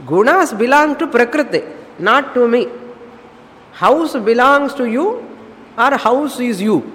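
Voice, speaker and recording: A man's voice: high voice, bright, forceful tone. A man with a Tamil Indian English accent, a spiritual teacher giving a scriptural discourse, who asks rhetorical questions and mixes in scripture terms. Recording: long hall reverb, faint noise.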